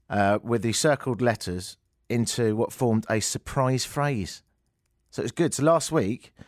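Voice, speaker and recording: A man's voice: lowish voice, dry recording, clean studio sound. A man hosting a comedy show, reading a news story aloud with sarcastic, mocking asides. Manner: sarcastic, mocking, jumps between shouty and muttered asides.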